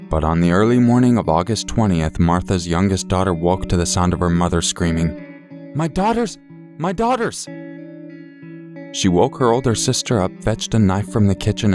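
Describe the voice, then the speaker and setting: A man with a very low, deep voice tells a true crime story in a steady, somber scripted narration. He paces each grim detail with care, as the show's host. Faint guitar music plays softly underneath.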